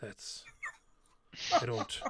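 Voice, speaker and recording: Dim-witted orc guard, as a man puts him on. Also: bright, forceful tone. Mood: confused. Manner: grunting, halting, puzzled mutters.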